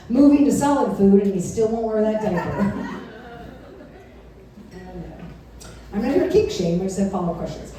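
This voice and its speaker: A woman performs a bawdy stand-up comedy set on a club stage, acting out both sides of her stories and laughing at her own jokes. Her voice is mid-range with a dark tone, captured from far off in a very echoey club.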